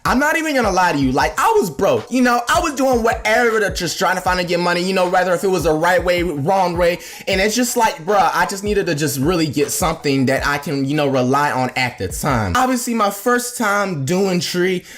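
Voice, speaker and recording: A young man telling a casual storytime as a streamer, swinging from low muttering to excited shouting. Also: a little fast, hardly any pauses.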